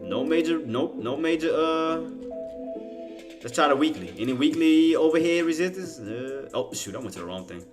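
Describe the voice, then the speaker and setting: Over music, a man streams casual live stock trading commentary, rambling, talking to himself, laughing often and using slang. His voice is a little high and animated, at a moderate pace.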